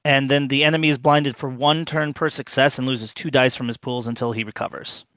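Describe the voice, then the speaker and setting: A man running a tabletop role-playing game as game master, explaining the rules haltingly with many fillers. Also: mid-range voice, fairly even intonation, fairly bright tone, clean tone, dry recording, highs cut off.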